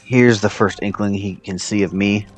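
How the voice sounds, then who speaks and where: A man's voice: fairly low pitch, steady tone, normal speed, faint music behind. A man casually commentating a strategy game he is playing, thinking aloud with plenty of fillers. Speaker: player commentating his own match.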